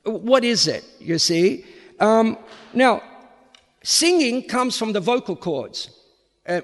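Giving a public lecture at an unhurried pace, a priest repeats words as he searches for what comes next. He's high-pitched, with an Australian accent carrying a slight American tinge, and the hall adds long reverb.

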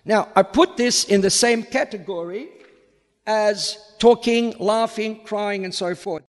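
High-pitched aussie guy with a bit of american in it, priest giving a talk, slow, long echo of a hall. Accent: Australian with a slight American tinge. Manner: unhurried, repeats words while searching for the next. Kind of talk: public lecture.

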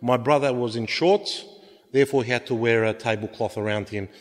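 A man's voice: mid-range voice, a little fast. Middle-aged man, Orthodox priest, casual rambling slideshow talk, reverberant hall. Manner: chatty, rambling anecdotes with many fillers.

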